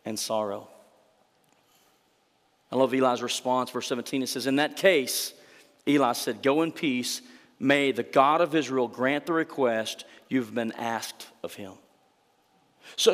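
Earnest male pastor in a reverberant hall. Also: medium pitch. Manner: earnest, acts out quoted scripture speech. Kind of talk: sermon.

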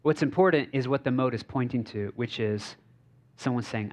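A man's voice: mid-range voice, normal speed, a little mellow. A male pastor giving a conversational sermon, telling stories informally with frequent fillers and restarts. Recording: slightly dull lo-fi recording.

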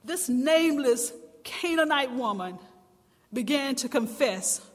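A woman preaching a sermon in church, impassioned and swelling into loud, emphatic cries. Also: sits high, expressive, slow, long reverb tail.

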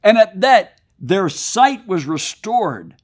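A man preaching a sermon, paraphrasing scripture and swinging between loud emphasis and hushed drops. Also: sits high, big pitch swings, slow. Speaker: pastor.

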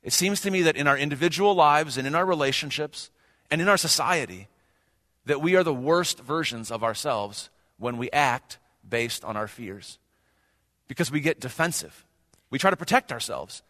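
A man's voice: medium pitch, a bit bright. A male pastor preaching a sermon earnestly, with rhetorical questions and rising emphasis. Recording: long hall reverb.

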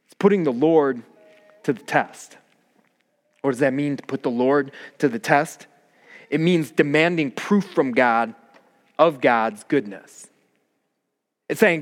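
A man's voice: mid-range voice, a little slow, long pauses, long reverb tail. A man preaching a sermon as pastor, earnest and rising in emphasis.

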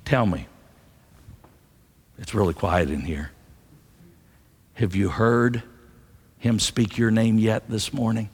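A male pastor preaches slowly in a gravelly voice, telling the story earnestly and repeating his key phrases. His voice rings with a long reverb through a church sanctuary. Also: fairly low pitch, darkish tone. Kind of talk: sermon. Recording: long reverb of a large hall.

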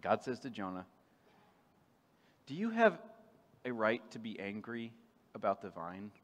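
A man preaching a sermon in a playful, animated way, swinging from loud bursts to hushed asides. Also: on the low side, a little slow, long reverb tail.

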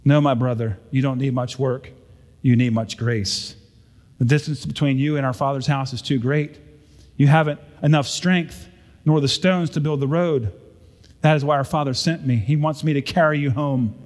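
A man voicing a kind eldest brother sent to carry his sibling home, speaking in calm, pleading reassurance. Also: medium pitch, moderate pace, big-room sound, natural voice.

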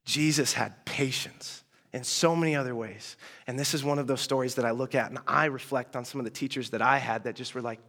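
A man's voice: mid-range voice, moderate pace, a bit bright. A man preaching in a casual storytelling style, chatty and slangy, with asides and mock exasperation. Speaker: preacher teaching a group.

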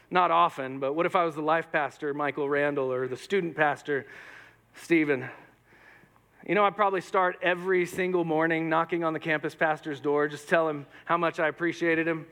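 A man preaching a sermon in a church, animated and joking, acting out quoted lines. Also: fairly high pitch, normal speed, vocal fry. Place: church hall with audience. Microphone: microphone.

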